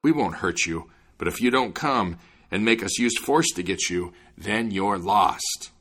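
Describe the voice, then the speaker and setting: A man's voice: fairly low pitch, lively intonation, moderate pace, pushed and bright, husky, exaggerated voice. A man reading as blustering giants. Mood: shouting. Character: three huge brutish male giants.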